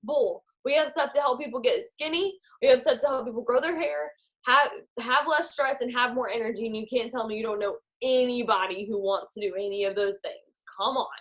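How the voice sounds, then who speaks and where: A woman's voice: on the high side, a little fast, few pauses, poor audio. Chatty woman coaching a sales team. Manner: chatty, filler-heavy, acts out quoted voices. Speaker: team leader. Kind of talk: motivational team talk.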